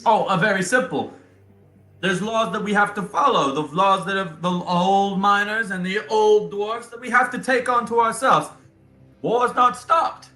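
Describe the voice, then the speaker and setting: A man's voice: high-pitched, normal speed, pushed and bright, reverberant, soft background music, pitched above the performer's own voice. A man putting on a jolly mustached dwarf with a fake Italian accent. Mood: playful. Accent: put-on Italian. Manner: boisterous, exaggerated comic accent, laughing.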